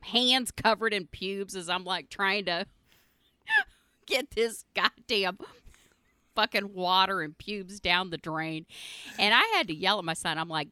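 A woman's voice: medium pitch, very animated, slow pace, bright, forceful tone, no room sound. A middle-aged woman hosting her own podcast, telling stories in a blunt, profane way with frequent laughs. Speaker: podcast host. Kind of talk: casual storytelling monologue.

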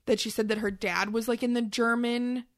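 A woman's voice: a little high, steady tone, moderate pace. A woman co-hosting a podcast, rambling casually with many fillers and some swearing. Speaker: podcast co-host. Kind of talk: casual chat.

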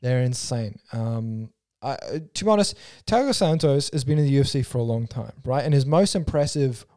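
A man chatting casually about fight sports, his voice mellow and warm. He thinks aloud, restarts his sentences and breaks down technique in detail. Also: medium pitch, expressive, normal speed.

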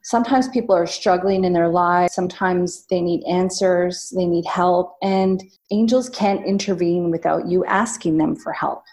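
A woman's voice: lowish voice, moderate pace, few pauses, darkish tone. Enthusiastic woman podcast host. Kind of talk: casual interview chat.

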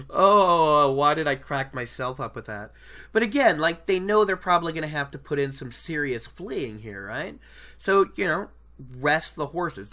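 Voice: medium pitch, pushed and bright. A host giving casual commentary on a book, chatty and digressive, often laughing at their own jokes.

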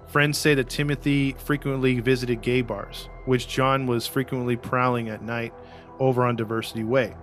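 A chatty man hosting a relaxed true-crime podcast, his voice sitting at a middle pitch. He talks in loose, easygoing runs and now and then slips into put-on voices for quotes. Faint music plays under the conversation. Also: normal speed. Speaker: podcast host.

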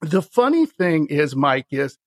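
Male podcast host, gravelly voice, lively storyteller who acts out the people he quotes. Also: a little high, unhurried, no echo. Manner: animated, laughs often, acts out voices in his stories. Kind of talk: casual storytelling chat.

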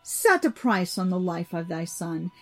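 A woman's voice: fairly low pitch, sing-song, measured pace, a bit bright, faint music behind, full character voice. A woman voicing a grave, commanding elder god. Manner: solemn, archaic speech.

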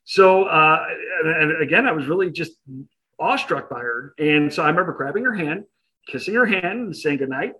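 Bright-voiced man telling a story. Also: on the high side, normal speed, low-quality recording. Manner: self-deprecating, animated anecdote with quoted voices. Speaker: interview guest. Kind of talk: casual storytelling.

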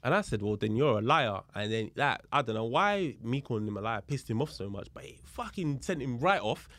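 A man, a guest on a podcast, telling a story in a lively, casual way and acting out the other people's voices, with street slang and swearing. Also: mid-range voice, a little fast, no echo. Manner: animated, acts out the voices of people in his story. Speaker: podcast guest, police officer.

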